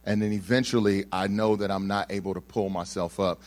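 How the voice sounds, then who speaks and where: A young man's low voice moves briskly as he shares a personal story with an audience. Full of energy, he acts out the characters and jokes with the crowd.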